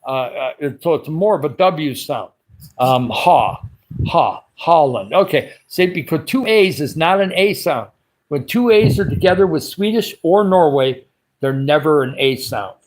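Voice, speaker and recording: A man hosting a casual livestream, his throat dry and raspy, rambling along and greeting viewers by name as he reads their comments. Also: a little high, lively intonation, unhurried. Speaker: livestream host.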